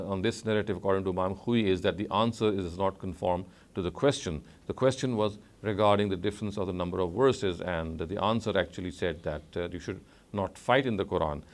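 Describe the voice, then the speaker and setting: Measured, low-voiced male lecturer. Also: gravelly. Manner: measured, frequent "uh" pauses and self-corrections. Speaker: Islamic studies lecturer. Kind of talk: scholarly lecture.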